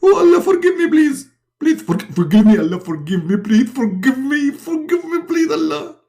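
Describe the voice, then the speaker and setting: Comic sketch: man plays a frantic, high-voiced prophet, begging and repeating himself. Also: very animated, moderate pace, a little mellow, exaggerated voice. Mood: pleading. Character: frantic pleading male prophet in a comic skit.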